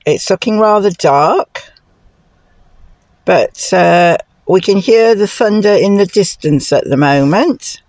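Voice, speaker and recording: A woman narrating her travel vlog in a chatty, relaxed way, pausing on fillers. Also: dry recording. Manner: coos to her dogs in high sing-song tones. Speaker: travel vlogger.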